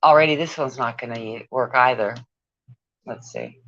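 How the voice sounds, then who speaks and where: A woman's voice: rumbling low, moderate pace, no room sound. A woman on a casual livestream, profane and exasperated, muttering to herself as she goes. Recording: dull lo-fi sound.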